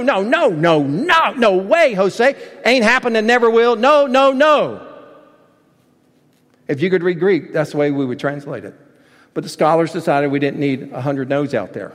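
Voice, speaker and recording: Emphatic male pastor in echoing hall. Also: mid-range voice. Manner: emphatic preaching with rising shouts and soft asides. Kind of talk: sermon. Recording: long reverb of a large hall.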